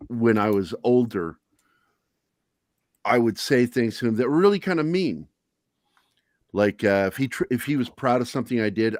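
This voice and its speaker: A man's voice: fairly low pitch, no echo, clean studio sound. A middle-aged man hosting a talk show, telling candid personal stories in a blunt, profane, self-deprecating way. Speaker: podcast host.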